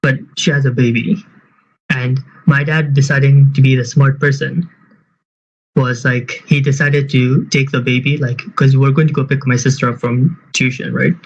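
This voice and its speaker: A man's voice: medium pitch, normal speed. Young man, podcast co-host, casual rambling chat, swears a lot, muffled audio. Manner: rambling, animated storytelling with swearing. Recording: muffled lo-fi audio with faint hiss.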